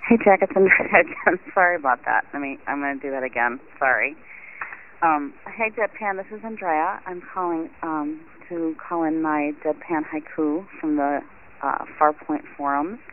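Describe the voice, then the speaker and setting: A woman leaves a voicemail in a halting, giggly way, filling her pauses with ums. The call is tinny and phone-like, with a faint hiss behind. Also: low voice. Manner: hesitant, lots of ums, giggly. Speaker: voicemail caller.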